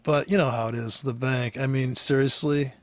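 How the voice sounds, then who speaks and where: A man's voice: mid-range voice, steady tone, moderate pace, a bit bright, dry recording. A man from the United States, a forex trader, ranting in a casual, rambling way over a live chart, swearing freely and laughing often. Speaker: forex trader and trading teacher.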